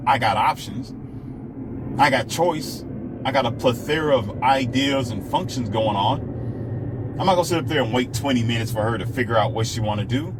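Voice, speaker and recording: A man's voice: mid-range voice, noisy background. A man delivering a blunt, emphatic monologue of relationship advice, hammering the same points again and again. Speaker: self-published author giving dating advice. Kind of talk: ranting monologue.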